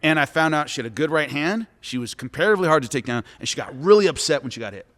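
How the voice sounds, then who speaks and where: A man, a former fighter and commentator, giving coaching advice and telling lively stories in a podcast chat, acting out what people said. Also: on the high side, racing. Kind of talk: animated storytelling in a podcast chat. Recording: long hall reverb.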